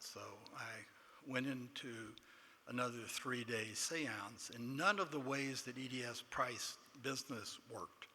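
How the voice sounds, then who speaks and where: In a large banquet hall, an older man with a Texan accent gives an award acceptance speech, telling a self-deprecating anecdote and quoting others in dialogue. His mid-range voice is steady, bright and forceful at a normal speed. Long hall reverb and faint room noise surround him.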